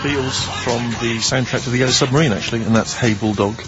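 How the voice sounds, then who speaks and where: A man co-hosting a radio show, quick-witted, explaining and correcting others in casual banter. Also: mid-range voice, over music. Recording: dull lo-fi radio recording.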